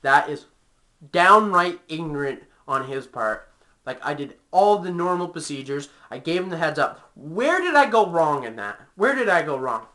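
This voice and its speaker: A man's voice: fairly high pitch, sing-song, moderate pace, bright, forceful tone. A young man tells an angry, profane story about his job in a casual rant, using plenty of fillers. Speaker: vlogger.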